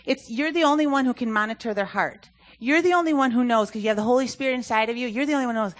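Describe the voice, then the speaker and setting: A woman's voice: a little high, very fast. Earnest woman giving a church talk. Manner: earnest, conversational, with frequent fillers. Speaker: youth ministry speaker. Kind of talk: sermon talk.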